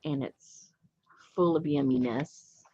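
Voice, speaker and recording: A woman's voice: low-pitched, takes it slowly, warm tone, breathy edge, dry recording, dull audio. A woman hosting a craft channel, chatting casually and playfully while showing a handmade journal. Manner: playful and chatty, laughs often.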